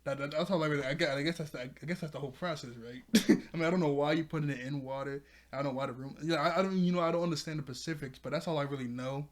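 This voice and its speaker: A man's voice: fairly high pitch, fairly even intonation, rapid-fire. A man casually recapping a cartoon episode. He rambles, repeats himself and laughs a lot.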